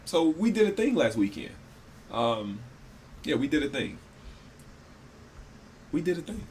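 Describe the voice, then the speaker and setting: A man's voice: fairly high pitch, sing-song, a little slow, a little mellow, slight background noise. A man co-hosting a casual, profane podcast chat at a friend's home, joking and laughing often while sharing one microphone with his co-host. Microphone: one microphone shared by two.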